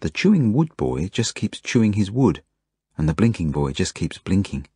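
A man's voice: low voice, very animated, normal speed, mellow, slightly rough, no room sound, studio quality. A man narrating a children's novel in the first person, in an earnest, plain storytelling manner. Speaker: audiobook narrator.

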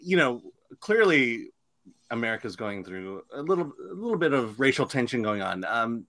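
A man's voice: mid-range voice, big pitch swings, normal speed, a bit bright, no room sound. Laid-back male host asking questions. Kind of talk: casual interview.

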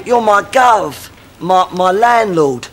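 An actor playing a dim-witted, cheerful pub regular in a sitcom, who gets excited and blurts out nonsense. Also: male voice, sits high, takes it slowly, a faint crowd, slight background noise, exaggerated voice. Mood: coaxing. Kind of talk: sitcom acting.

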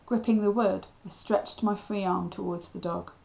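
Teacher lady reading a kids' novel out loud, steady and expressive, mid pitch. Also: normal speed, vocal fry, rough recording. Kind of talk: reading a children's novel aloud.

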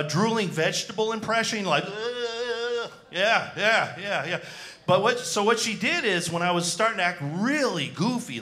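Animated male stand-up comedian. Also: sits high. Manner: animated, self-deprecating, with frequent fillers. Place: comedy club stage.

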